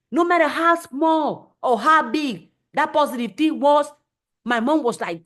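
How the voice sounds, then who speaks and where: A woman's voice: sits high, animated, unhurried, a bit bright. A woman hosting a motivational live stream, speaking emphatically and repeating phrases for effect. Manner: acts out voices in quotes.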